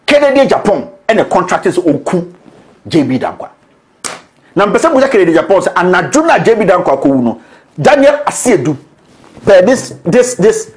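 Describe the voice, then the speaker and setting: A man with a Ghanaian accent, hosting a political commentary show in a combative, accusatory, emphatic way. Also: sits high. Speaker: show host.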